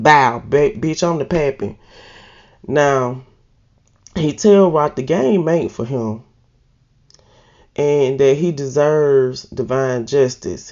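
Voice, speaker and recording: A woman's voice: very deep voice, mellow, dull audio. A woman casually recapping a TV episode in a loose, slangy way and laughing at herself. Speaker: TV recap host.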